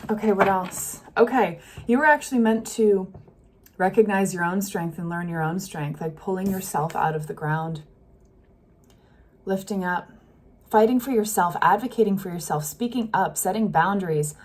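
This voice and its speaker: A woman giving a casual tarot reading, talking gently and thinking aloud with many fillers. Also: mid-range voice, moderate pace. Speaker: tarot reader. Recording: faint street noise behind.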